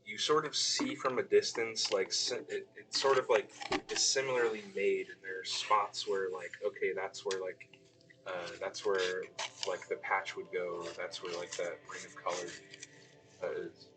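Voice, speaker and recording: A man's voice: deep voice, flat delivery, normal speed, low-quality recording. A man narrating a tabletop game as game master, hesitant and full of ums and restarts.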